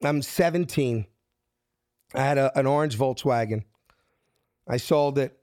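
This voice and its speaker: A middle-aged man from South Philadelphia with a Philadelphia accent, telling his story with lively acted-out quotes. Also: no room sound, clean studio sound. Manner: acts out quotes with shifting pitch, lively and fast. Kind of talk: animated storytelling.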